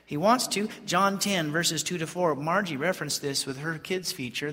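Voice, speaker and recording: A man from Colorado, a pastor telling a folksy story in a sermon, animated and lively. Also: on the high side, moderate pace, few pauses, big-room sound.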